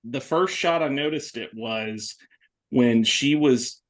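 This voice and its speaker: Man, podcast host, casual movie chat, rambling, animated, mid pitch. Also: slow pace. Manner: rambling, animated, many restarts.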